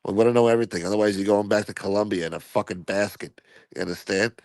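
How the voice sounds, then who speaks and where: A man voicing a gruff, menacing male FBI agent who talks fast and swears. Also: lowish voice, a little mellow, no room sound, natural voice. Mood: threatening.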